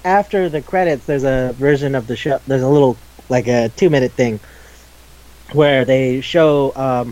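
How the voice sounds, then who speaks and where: A man's voice: on the high side, poor audio. Upbeat young man, freewheeling chat. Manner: animated, laughing, swears freely. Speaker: podcast host. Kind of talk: casual chat.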